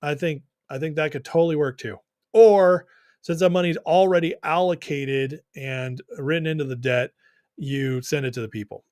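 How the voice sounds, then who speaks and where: A man's voice: fairly high pitch, dry recording, studio quality. A young man hosting a political livestream, reading viewer comments and giving his opinions in a casual, conversational way.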